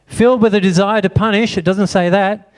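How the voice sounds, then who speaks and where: High-voiced pastor, questioning. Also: male voice, steady tone, fairly quick. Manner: asks the congregation many rhetorical questions. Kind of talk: sermon. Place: church.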